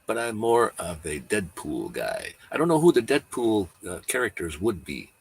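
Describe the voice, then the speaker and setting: Husky, rambling man chatting live. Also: on the low side, big pitch swings, normal speed. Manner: rambling, easygoing, chuckles often. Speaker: livestream host. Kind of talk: casual livestream chat.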